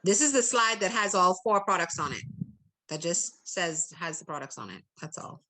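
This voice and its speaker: Bright-voiced woman leading a video call. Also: on the low side, normal speed, low-quality recording. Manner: animated, playful, teasing participants with mock quotes. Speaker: trainer leading an online presentation. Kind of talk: online training call.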